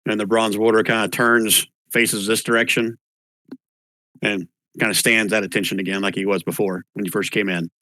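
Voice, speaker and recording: Narrating as a tabletop game master, a man with a voice on the low side sets the scene and asks players to roll, relaxed and with occasional small restarts. He speaks at normal speed, with no echo.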